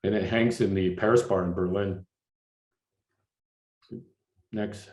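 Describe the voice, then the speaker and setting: An older man from Canada walks an audience through his slides in a low voice, stopping and restarting often, his words padded with "uh" and "you know." The room is echoey, like a lecture hall. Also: fairly even intonation, darkish tone. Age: 60s. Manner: halting, many fillers and restarts. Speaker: artist giving a slide lecture.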